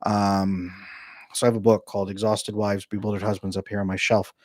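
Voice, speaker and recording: A man's voice: lowish voice, flat delivery, a little mellow, dry recording, clean studio sound. A man who coaches on relationships, chatting casually and joking as he answers viewer comments on a live Q&A from home. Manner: joking, chatty, quick to laugh. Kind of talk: casual livestream chat, reading viewer comments. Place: home room with a bookshelf behind him.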